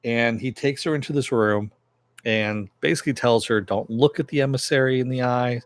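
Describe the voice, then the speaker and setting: A man's voice: medium pitch, moderate pace, dry recording. A man casually recapping a TV episode, rambling with many fillers and loosely acting out the characters' lines. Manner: rambling, filler-heavy, loosely acts out quotes. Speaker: TV episode reviewer.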